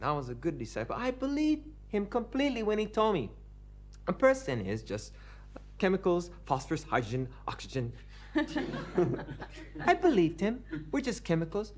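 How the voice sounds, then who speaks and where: A man's voice: high-pitched, moderate pace. A man, a spiritual teacher, telling a story in a sermon, often checking in with "okay?". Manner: animated storyteller, frequent "okay?" check-ins.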